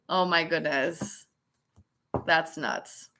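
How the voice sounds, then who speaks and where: Bright-voiced tipsy woman reading tarot. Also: medium pitch, unhurried. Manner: chatty, swearing, laughing, dramatic asides. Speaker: tarot reader. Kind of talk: casual live tarot reading.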